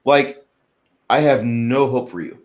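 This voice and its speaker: A man's voice: medium pitch, measured pace, reverberant, poor audio. A man hosting a casual tabletop gaming chat, reading out viewer comments in a laid-back, wry way. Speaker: podcast host.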